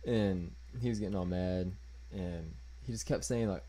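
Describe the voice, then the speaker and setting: A man's voice: low-pitched, moderate pace, dark tone. Laid-back man telling a rambling story. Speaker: podcast co-host. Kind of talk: casual chat.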